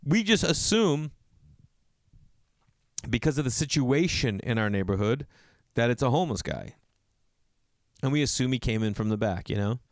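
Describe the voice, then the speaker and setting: A middle-aged man tells a story on his podcast in a loose, lively way, his pitch swinging widely as he acts out what people said. He swears freely. The sound is dry and close, with no room around it. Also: moderate pace, long pauses, no room sound. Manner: animated, swears freely, acts out quoted lines with jumps in pitch. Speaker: podcast host. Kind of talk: casual storytelling monologue.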